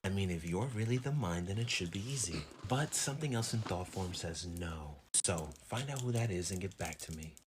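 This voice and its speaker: A man speaks reflectively to the viewer and challenges him with questions. His voice is very low, with faint background hiss. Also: animated, moderate pace, hardly any pauses. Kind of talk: philosophical talk to camera.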